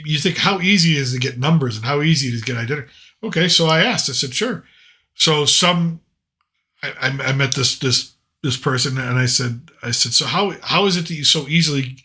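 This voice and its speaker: American guy on a podcast, super bright sharp voice, rambles through stories. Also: mid-range voice. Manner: rambling anecdotal, frequent restarts and quoted dialogue. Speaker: podcast host. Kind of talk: casual storytelling chat.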